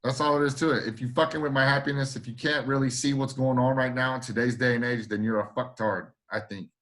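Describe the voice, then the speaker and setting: A man's voice: mid-range voice, steady tone, quick pace, fairly bright tone. A man co-hosting a podcast, talking emphatically with lots of swearing and restarts. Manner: emphatic, profane, repeats himself. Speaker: podcast co-host. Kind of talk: casual podcast chat.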